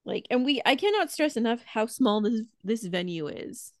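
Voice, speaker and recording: Gravelly excitable woman podcast co-host. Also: on the high side, moderate pace, dry recording, studio quality. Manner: excitable, swears freely, gushing. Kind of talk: casual chat.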